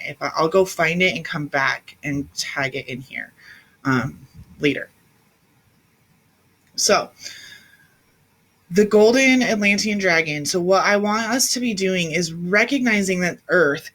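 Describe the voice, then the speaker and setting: This casual spiritual livestream features a thirty-something woman with a low-pitched, somewhat bright voice. She speaks emphatically and intensely, wandering as she goes, and sometimes addresses viewers directly through a webcam or phone mic.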